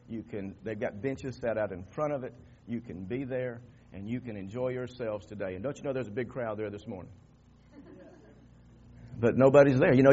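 A man's voice: medium pitch, darkish tone, slight background noise. An older man preaching an Easter sermon in a church, talking conversationally and climbing into fervent emphasis. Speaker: pastor. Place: church sanctuary. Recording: dull lo-fi church recording.

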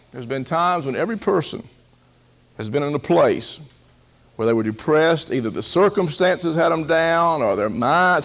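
A man preaching a sermon in a folksy, humorous way, slowing down on key words and acting out quotes in a raised voice, often laughing. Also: fairly high pitch. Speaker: pastor.

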